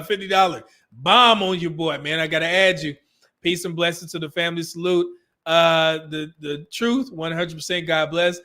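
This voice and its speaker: A man's voice: high-pitched, pushed and bright. A man with a Californian accent hosting a live stream in casual, joking talk, often laughing and reading out viewer messages.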